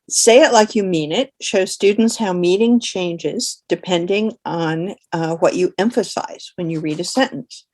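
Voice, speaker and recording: A woman with a fairly low voice explains reading games for volunteer tutors. She talks in a relaxed, practical way, with the occasional filler as she goes. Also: measured pace, few pauses. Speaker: tutor trainer. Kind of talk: instructional presentation.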